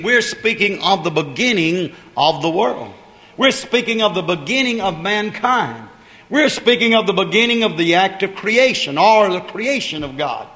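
A man's voice: high voice, a bit bright. A man preaching a sermon, repeating phrases with rising emphasis and calling out to the congregation. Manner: calls out to the congregation. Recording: reverberant hall.

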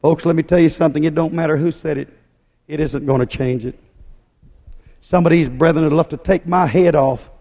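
A man's voice: on the high side, steady tone, brisk, warm tone. A man preaching a fiery sermon with an emphatic, hammering, repetitive delivery. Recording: long hall reverb.

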